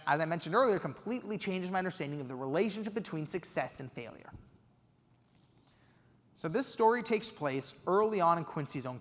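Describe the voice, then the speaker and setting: Brief: young man, keynote storyteller, higher voice that swings widely, echoing through a big hall. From Los Angeles, USA. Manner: animated, acts out quotes. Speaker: keynote speaker. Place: conference hall stage. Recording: long reverb of a large hall.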